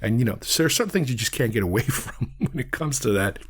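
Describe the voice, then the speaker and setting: New man, film podcast host, middle-pitched voice, rambling conversational commentary. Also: expressive, fast talker, husky. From Queens, New York. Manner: rambling, conversational, thinks aloud.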